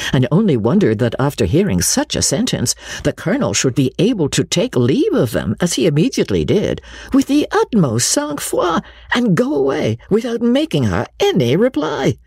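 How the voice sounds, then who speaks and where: Woman audiobook narrator, classic novel, husky gravelly timbre, very lively pitch, measured delivery. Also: no room sound, studio quality. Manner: expressive, measured storytelling.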